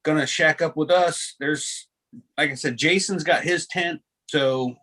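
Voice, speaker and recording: A man with a slightly high voice, pushed and bright, speaks a little slowly while hosting a casual video call. His storytelling rambles, restarts many times, and is full of jokes at his own expense.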